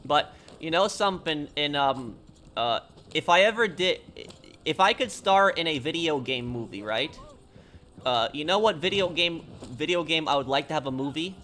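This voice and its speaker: Bright-voiced man chatting on stream. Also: a little high, lively intonation, normal speed, a little hiss or hum. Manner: rambling, answers chat questions. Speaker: game streamer. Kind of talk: casual live-stream chat while gaming.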